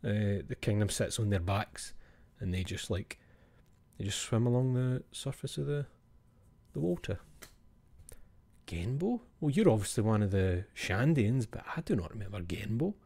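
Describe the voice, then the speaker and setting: A man's voice: lowish voice, big pitch swings, normal speed, warm tone. A Scottish man chatting casually with his stream viewers, swearing and laughing, and often dropping to a whisper for asides.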